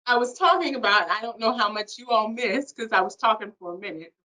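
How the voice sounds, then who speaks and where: A woman explains history in a steady lecturing manner. Her voice is bright and fairly high. She sounds set back from the microphone. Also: a little fast. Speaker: historian and presenter. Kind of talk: online library history talk. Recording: distant from the mic.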